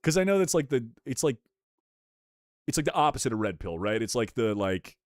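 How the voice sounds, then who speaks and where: A man's voice: medium pitch, very animated, brisk, no echo, clean studio sound. A young man streaming live, chatting casually with his chat, swearing freely and laughing often. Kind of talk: livestream chat reaction.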